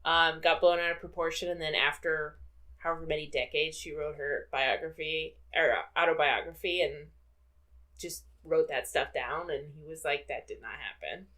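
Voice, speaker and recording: A woman's voice: low voice, steady tone, moderate pace, a bit bright. A woman co-hosting a podcast, chatting casually about a film with many fillers and frequent laughter. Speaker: podcast co-host.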